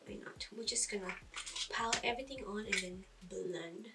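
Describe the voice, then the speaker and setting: A woman with a mid-range voice talks at a moderate pace through a casual makeup tutorial, chatting, thinking aloud with fillers and poking fun at herself. She's a beauty vlogger, recorded on a distant mic with very heavy noise.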